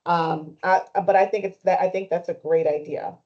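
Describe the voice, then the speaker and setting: A woman speaking at a town committee meeting, halting with many fillers and restarts. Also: on the low side, fairly even intonation. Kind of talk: meeting discussion. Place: meeting room. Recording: muffled meeting recording.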